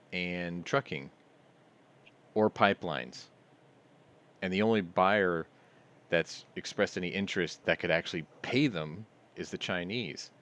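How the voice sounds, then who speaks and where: Hosting a casual livestream, a man with a deep, slightly bright voice reads news headlines aloud and then riffs on them with sardonic asides.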